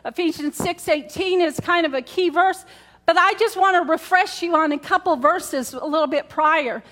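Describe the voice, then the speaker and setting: A woman pastor with a very high, slightly bright voice speaks at a normal speed. Standing before her congregation in church, she preaches in a chatty, repetitive way and asks the room questions.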